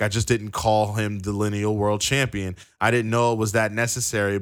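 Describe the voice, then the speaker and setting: Smooth low-voiced man on a podcast. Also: fairly bright tone. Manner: stammers and restarts, reads quotes aloud. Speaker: podcast co-host. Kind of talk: casual wrestling podcast chat.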